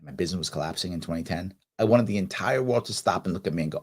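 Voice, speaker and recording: A man's voice: sits low, expressive, quick pace, gravelly, hardly any pauses, breathy edge. A middle-aged man hosting a talk show, giving an emphatic motivational monologue and acting out quoted voices.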